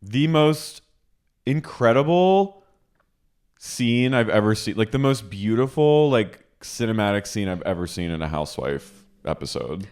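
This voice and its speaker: A man's voice: fairly low pitch, moderate pace, clean tone. A man co-hosting a podcast, casually recapping a reality show and acting out the quotes with animation. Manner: animated storyteller, acts out quotes. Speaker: podcast co-host.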